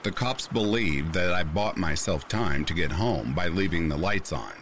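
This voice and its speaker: A very deep-voiced man reads a scary true story aloud as scripted narration. His delivery swings widely in pitch as the tension climbs, with faint rain behind him. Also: expressive, normal speed, a bit bright, slight background noise. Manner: reads a first-person account with rising tension. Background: faint rain sounds.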